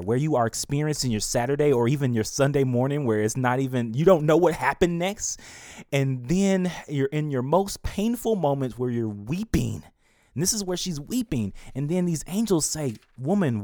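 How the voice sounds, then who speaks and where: A man hosting a devotional podcast, reading scripture and reflecting on it earnestly and emotionally, his voice climbing when moved, with some halting restarts. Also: medium pitch, expressive, darkish tone, dry recording, clean studio sound.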